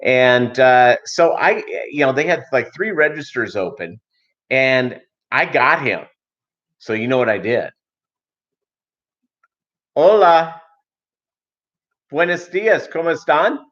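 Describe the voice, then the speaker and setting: A man's voice: mid-range voice, a little slow, fairly bright tone. A middle-aged man hosting a fish-keeping livestream, chatting and telling stories in a rambling, joking way with lots of fillers. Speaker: aquarium livestream host. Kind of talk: casual livestream chat and storytelling. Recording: slightly dull lo-fi stream audio.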